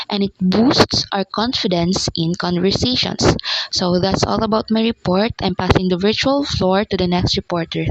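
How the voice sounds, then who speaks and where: A woman's voice: medium pitch, lo-fi sound, slight background noise. A woman student presenting a class report in an online lesson, explaining step by step and correcting herself as she goes. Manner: explanatory, repeats and self-corrects. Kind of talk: class report on speaking skills.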